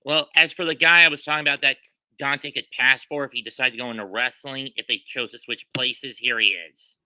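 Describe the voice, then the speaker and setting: A man co-hosting a casual basketball watch-along who talks in lively, wordy asides. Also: mid-range voice, a little fast, dry recording, poor audio. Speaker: co-host. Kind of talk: casual sports chat.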